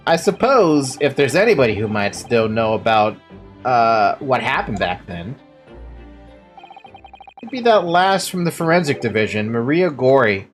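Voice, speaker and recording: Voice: medium pitch, sing-song, unhurried, soft background music, pitched below the performer's own voice. A player putting on an evasive Scottish prison official. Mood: telling. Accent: Scottish, as put on by the player. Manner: attempted Scottish accent with dialect words. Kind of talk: reading game dialogue aloud.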